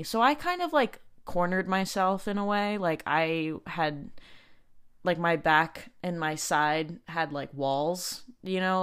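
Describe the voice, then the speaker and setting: A young woman hosting a podcast, telling a personal story in a casual, halting way, full of fillers and restarts. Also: fairly low pitch, smooth. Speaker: podcast host.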